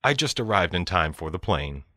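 Deep man reading example sentences. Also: very animated, normal speed, pushed and bright, no echo, studio quality. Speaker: sentence reader.

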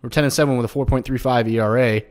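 A man's voice: mid-range voice, fairly even intonation, quick pace, a little mellow. Swearing, easily riled man playing a game. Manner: swearing, frustrated outbursts at the game; talks straight to viewers. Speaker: gaming YouTuber. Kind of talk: gameplay commentary.

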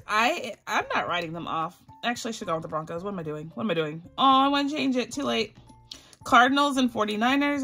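A bubbly woman chats casually to her channel's viewers. She giggles often and keeps calling them y'all. Her voice sits a little high, with faint music in the background. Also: a bit bright. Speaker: budgeting channel host.

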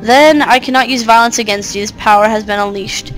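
A woman's voice: on the high side, fairly even intonation, a little fast, a bit bright, soft background music, lightly acted, rough recording. A woman voicing a haughty, scornful ancient mother of darkness, reading her game dialogue aloud.

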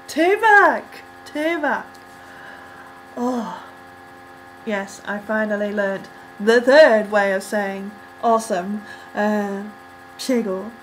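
A young woman casually reacting to a music video, rambling with lots of ums and likes and breaking into excited squeals. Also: mid-range voice, a little hiss or hum, poor audio.

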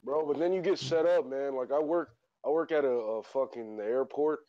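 A man joking around in casual voice chat, animated and profane. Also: mid-range voice, moderate pace, dry recording. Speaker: voice chat participant. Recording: dry, dull lo-fi mic.

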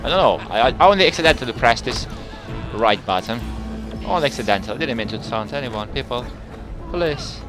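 A man giving live commentary while playing an online game, swinging between low muttering and loud outbursts, swearing and taunting opponents. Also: expressive, fairly quick, music in the background. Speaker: gamer with facecam commentary.

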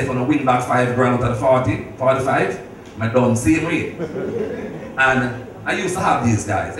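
A middle-aged man giving a heartfelt birthday speech, telling stories with laughter and a preacherly ring. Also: mid-range voice. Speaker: speaker at a birthday celebration. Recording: echoey hall from far off, noisy.

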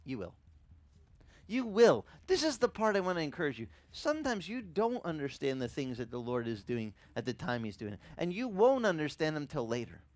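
A man's voice: a little high, brisk, hardly any pauses, dry recording. A pastor with a Hawaiian accent preaching a sermon, acting out voices and joking with his congregation. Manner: animated, acts out voices and asides to the congregation.

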